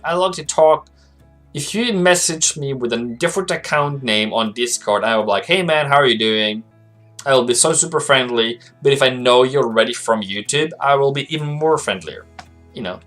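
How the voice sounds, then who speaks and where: A man in the middle of an ordinary pitch range, talking loosely and a bit aimlessly as he hosts a live trading stream. He reads chat messages aloud and drifts between analysis and small talk. Faint music plays underneath. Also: fairly bright tone. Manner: rambling and chatty, reads viewer chat aloud. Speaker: livestream host, forex trading analyst. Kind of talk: casual live-stream commentary.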